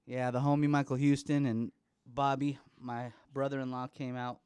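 A man's voice: medium pitch, flat delivery, moderate pace, a little mellow, clear, resonant tone, no echo. A man in his thirties from the Bay Area, hosting a casual chat show, rambling and joking with some swearing. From Bay Area, California. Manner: rambling, profane, jokey, baby talk to his son. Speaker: podcast host. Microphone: studio microphone.

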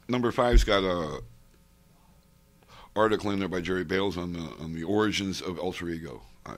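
A man in his sixties, being interviewed, telling rambling oral-history stories full of digressions and asides. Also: low voice. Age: 60s. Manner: digressive, with many asides and restarts. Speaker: interviewee, comics fan and collector. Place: convention center interview room.

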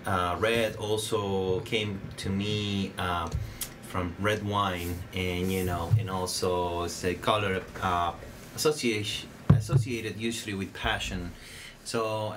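A man with a Spanish accent hosts a relaxed interview podcast. His voice sits on the low side and he circles his questions with fillers and restarts. Clear background noise hangs in the room. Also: slow pace, hardly any pauses. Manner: hesitant, many fillers and restarts. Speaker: podcast host. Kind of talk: casual interview chat.

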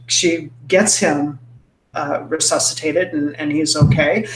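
A woman co-hosting a casual podcast, retelling a book's plot with lots of fillers and restarts. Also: deep voice. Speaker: podcast co-host. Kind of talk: casual book-club chat. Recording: roomy echo, faint background noise.

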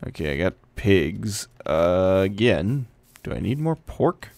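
A man's voice: sits low, very animated, takes it slowly, creaky, darkish tone, no room sound. A man giving casual let's play commentary and playfully chatting to the animals in the game. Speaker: gameplay commentator.

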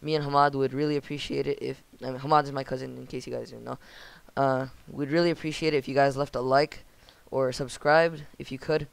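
Young guy walking through a game build tutorial, flat monotone, gravelly, smooth clear voice. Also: medium pitch, fairly quick, few pauses, no echo. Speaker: channel host.

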